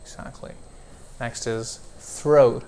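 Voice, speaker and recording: A male pronunciation coach speaks at a slow, unhurried pace. He draws out each vowel sound as he models words for a student. His pitch sits in a plain middle range. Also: steady tone, mellow, slight background noise. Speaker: accent coach. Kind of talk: one-on-one pronunciation lesson.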